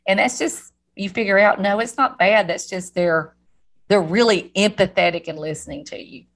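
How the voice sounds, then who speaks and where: A woman's voice: mid-range voice, moderate pace, a bit bright. Southern Alabama woman, chatty podcast co-host, mid-range voice, lots of restarts. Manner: chatty, rambling, with many restarts. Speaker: podcast co-host, school counselor. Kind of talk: casual podcast chat.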